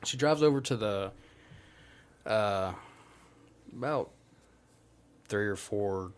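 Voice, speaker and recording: A man's voice: fairly low pitch, slow pace, smooth. A man, telling a rambling, profanity-laced story in casual chat. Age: 30s. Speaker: comedy podcast host.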